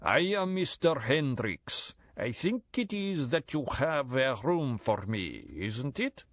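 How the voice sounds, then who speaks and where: Bulky foreign businessman with a thick Central European accent, slow and stiff, read by a man doing a put-on voice. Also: mid-range voice, very animated, no echo, voice pushed up.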